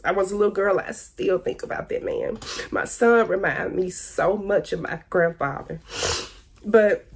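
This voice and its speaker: A woman in her forties telling her side of a painful family story in a candid, pointed, repetitive way, her speech loose and informal. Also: medium pitch. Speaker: speaking out about her ex-husband. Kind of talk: emotional personal testimony.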